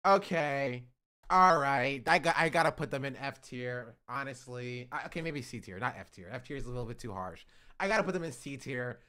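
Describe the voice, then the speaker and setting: A man's voice: mid-range voice, brisk, pushed and bright, smooth. A young man streaming live, reacting to videos with joking, mock-outraged rants. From United States.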